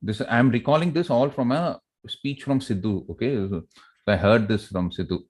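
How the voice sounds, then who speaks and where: A middle-aged man with an Indian English accent, a professor telling a story to students in an animated lecture. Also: medium pitch, normal speed. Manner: animated storyteller, asks the room for agreement. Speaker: professor giving a leadership talk.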